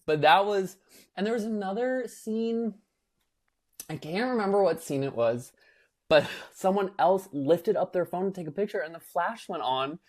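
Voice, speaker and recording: A young man co-hosting a podcast, chatting casually and telling an animated story, acting out quotes with lots of filler words. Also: sits high, moderate pace. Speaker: podcast co-host. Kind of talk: casual chat.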